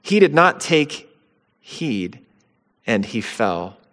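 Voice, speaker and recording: A man preaching a sermon in an earnest, emphatic way, pressing his stresses higher as he drives points home. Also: unhurried. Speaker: pastor. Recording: long hall reverb.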